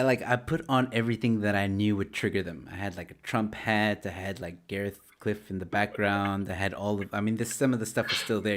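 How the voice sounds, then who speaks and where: Rambling man hosting a casual talk show. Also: lowish voice. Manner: rambling, laughing storyteller. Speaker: show host. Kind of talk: casual chat.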